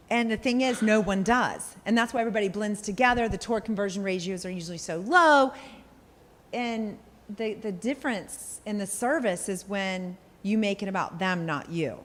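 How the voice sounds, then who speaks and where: A woman sales coach giving a workshop talk, direct and animated, acting out examples to the group. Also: mid-range voice, a little fast. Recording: echoey hall.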